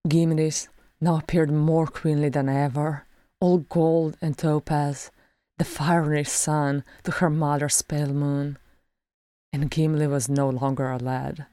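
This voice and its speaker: Casual woman reading fantasy fan fiction aloud, slow, dry close mic. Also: low-pitched, no room sound. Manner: slow, even storytelling. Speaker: audiobook reader.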